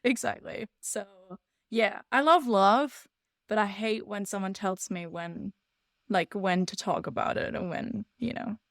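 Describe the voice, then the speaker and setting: A woman's voice: mid-range voice, no room sound. Woman, German accent, podcast guest, laughs and jokes, dry close sound. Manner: laughs often, quick to joke. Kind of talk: casual chat.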